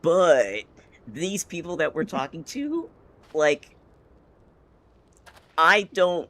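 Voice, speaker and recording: A man's voice: on the high side, huge pitch swings, very slow, a bit bright. A man streaming a game, chatting casually and laying out his interpretations of the story in a thoughtful way.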